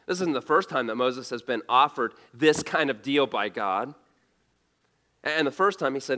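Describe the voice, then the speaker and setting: A man's voice: mid-range voice, lively intonation, normal speed, bright, forceful tone. A male pastor preaching a sermon in a conversational way, asking rhetorical questions and often restarting his words.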